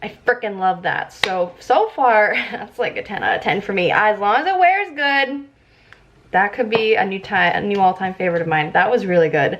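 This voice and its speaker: A young woman talks through her makeup in a casual, chatty way, often giggling and getting excited. Her voice sits at an ordinary pitch for a woman. The sound is a little dull and lo-fi, as if caught on a camera mic at home. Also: moderate pace, noisy background. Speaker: beauty vlogger. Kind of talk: casual makeup tutorial chat. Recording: slightly dull lo-fi audio.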